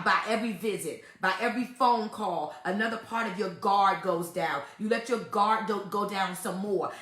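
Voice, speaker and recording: Giving relationship advice as host of an easygoing faith-based talk, a woman speaks in a slightly bright, high-leaning voice with a roomy sound. She's emphatic and tends to repeat herself, laughing frequently as she makes each point.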